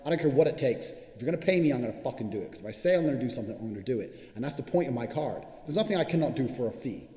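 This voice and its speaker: Brief: brash man, rapid-fire and full of swearing, mellow dark tone, echoing room with long reverb. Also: mid-range voice, expressive. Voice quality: profane, boastful delivery. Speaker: self-promoting speaker addressing viewers. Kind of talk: casual monologue to camera.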